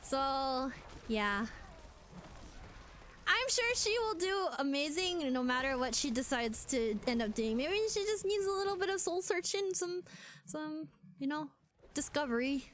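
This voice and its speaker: High-voiced giggly young woman streamer. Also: expressive, a little slow, a bit bright, slight background noise. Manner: chatty, giggly, many fillers. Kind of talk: casual stream chat.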